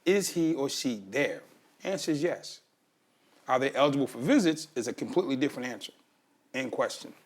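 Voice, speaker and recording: Male podcast host, animated delivery, conversational and explanatory. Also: medium pitch, fairly quick. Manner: explains advice to listeners with his own examples. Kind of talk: interview conversation.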